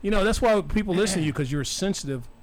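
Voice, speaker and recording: A man's voice: sits high, lively intonation, very fast, a little hiss or hum. A man hosting a casual talk show, teasing his co-hosts and laughing often. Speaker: host.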